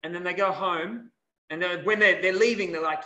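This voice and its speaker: A man's voice: high voice, moderate pace, bright, forceful tone, reverberant. A man, a health and wellness coach, giving an earnest, conversational coaching talk over a video call.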